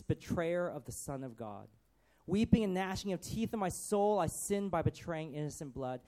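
A man's voice: on the high side, darkish tone, lightly acted. A man reciting as Judas in despair. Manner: archaic, lamenting poetic recitation. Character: remorseful male disciple, despairing betrayer. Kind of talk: dramatic reading of a poem.

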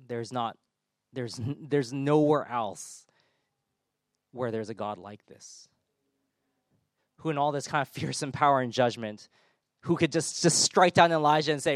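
A man preaching a sermon in church, his voice swelling loud on big points and dropping soft on gentle ones. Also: mid-range voice, measured pace, pauses often, dry recording, studio quality.

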